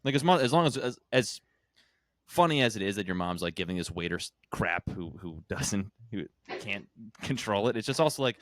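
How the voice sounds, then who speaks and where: A man's voice: lowish voice, animated, brisk, a bit bright, no room sound, studio quality. A man co-hosting a casual podcast, talking emphatically and swearing casually. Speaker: podcast co-host. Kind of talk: casual chat.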